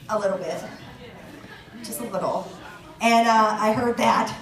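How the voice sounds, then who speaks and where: A woman in her thirties leads a sales team training, chatty and full of jokes and laughter. Her middle-pitched voice is caught from some distance, bouncing around a roomy space. A faint ambience sits behind her. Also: a little slow, slight background noise. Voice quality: chatty, joking, laughs often. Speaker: direct sales team leader giving a training talk. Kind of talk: chatty live presentation.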